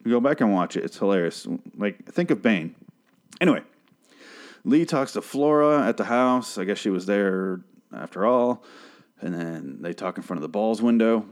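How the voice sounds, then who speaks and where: A man's voice: fairly low pitch, a little mellow. A man casually recapping a TV episode, rambling and sarcastic, swearing often. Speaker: show recap host.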